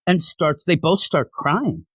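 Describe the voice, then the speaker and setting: A man hosting a comic book podcast, recapping a story in a casual, animated and openly sentimental way. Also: a little high, takes it slowly, slightly rough, dry recording.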